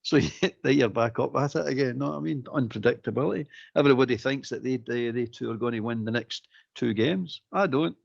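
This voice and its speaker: A Scottish man on a football phone-in, talking in an animated way, repeating himself and calling the host "mate". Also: mid-range voice, fairly quick, creaky, lo-fi sound. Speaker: caller.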